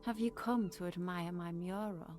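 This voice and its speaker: A woman's voice: fairly low pitch, moderate pace, a little mellow, soft background music, natural voice. A woman voicing a haughty mocking street artist. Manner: condescending, drawn out. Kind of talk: scripted video game dialogue.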